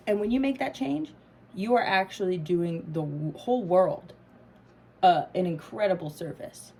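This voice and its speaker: A tarot reader speaks at a moderate pace in a darkish voice on the low side; the recording is low quality, with a bit of hiss or hum. Her casual reading to camera is emphatic and full of swearing, with laughter and emotional moments.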